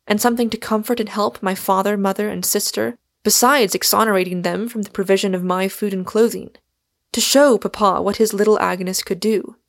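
A woman narrating an audiobook in the first person, in a measured, earnest manner. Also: medium pitch. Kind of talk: scripted narration.

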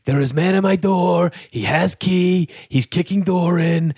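A frantic old man barking short, broken-English phrases, higher and louder than the storyteller's own voice, as a man puts him on. The sound is dry and close, with no room around it. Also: unhurried, husky, no echo. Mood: panicked. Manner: clipped broken English, dropped articles.

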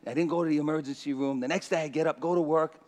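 A man, a pastor, telling a personal story in a sermon, animated, restarting sentences and saying "you know" often. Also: on the high side, very fast, in a large hall.

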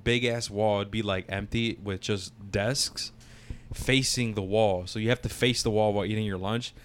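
A man's voice: on the low side, steady tone, normal speed, clean tone. A young man in a casual chat with friends, slangy and laid-back, swearing freely. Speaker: podcast co-host.

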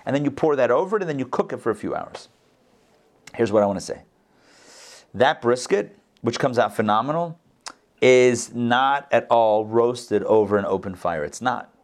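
A man giving an informal Torah class, animated, repeating phrases and answering his own questions. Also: medium pitch, normal speed. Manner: coughs, gets excited.

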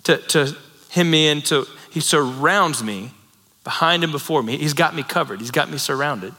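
Bright-voiced male pastor in reverberant hall. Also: on the high side, normal speed. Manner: conversational, storytelling with asides and laughs. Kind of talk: sermon. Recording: long reverb in a large hall.

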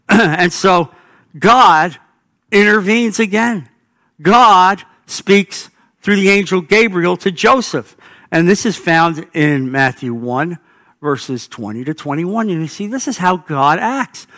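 A man's voice: high-pitched, expressive, slow, a bit bright. A middle-aged man preaching a sermon, telling stories in an earnest, emphatic way. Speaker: pastor.

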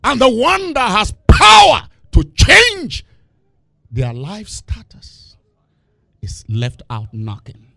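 A man preaches with a lively, swooping voice, firing questions at his listeners and breaking into laughter. He takes his time, pausing between phrases. The sound is close and dry. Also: sits high, creaky, no echo. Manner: animated, call-and-response questions, laughing asides. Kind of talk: sermon.

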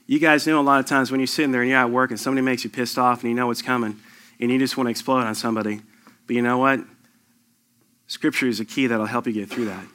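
A man's voice: mid-range voice, fairly even intonation, quick pace, bright, forceful tone. A man in his thirties giving an earnest sermon, telling a personal testimony with rising emphasis. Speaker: lay preacher sharing testimony.

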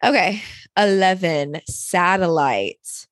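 A woman's voice: fairly low pitch, takes it slowly, dry recording, studio quality. A young woman co-hosting a casual chat podcast, playful and agreeable. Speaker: podcast co-host.

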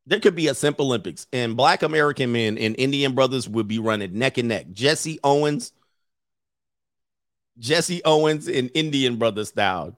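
Speaking at a normal speed with a medium-pitched, fairly bright voice, a streamer in his thirties delivers a casual commentary rant. He's brash and joking, frequently cracking himself up, and the studio sound is clean with no room tone.

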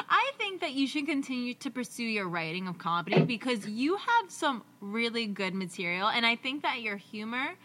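A young woman co-hosting a podcast chats casually and rambles with lots of fillers. Her voice is a little high and sing-song at a moderate pace, over a noisy background.

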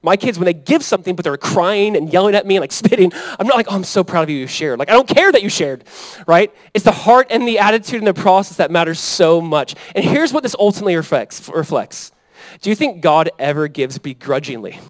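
30s guy preaching, chatty and lively, kinda high voice, dry close sound. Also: a little fast, dry recording, rough recording. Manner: conversational, animated preaching with frequent "right?" and "Amen?". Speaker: pastor. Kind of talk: sermon.

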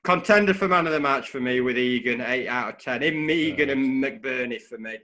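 Guy chatting football after a match, bright forward voice, keeps restarting his sentences. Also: medium pitch, normal speed. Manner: chatty, restarts often, gives player ratings. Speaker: football podcast co-host. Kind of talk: casual post-match chat.

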